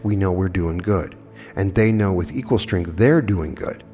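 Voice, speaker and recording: A man with a deep, warm voice speaks at a moderate pace in a plainspoken lecture, using rhetorical questions to argue and answering those from the audience. It's an old archive recording with long hall reverb and faint music.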